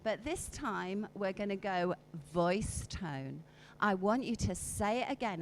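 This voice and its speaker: Woman, conference speaker, slow deliberate delivery, lively coaxing tone, faint hum behind. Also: medium pitch, poor audio. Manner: animated, coaxing, demonstrates emotions with her voice. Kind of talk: live workshop lecture with audience exercises. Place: conference hall.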